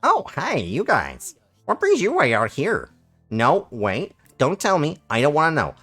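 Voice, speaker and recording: A man's voice: fairly high pitch, wildly swooping pitch, unhurried, a bit bright, breathy edge, pitched above the performer's own voice, full character voice. A man voicing a cheerful slug merchant in a game, with sentences that rise at the end like questions. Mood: chipper. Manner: upbeat, every sentence rising like a question. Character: chirpy male slug merchant, eager salesman.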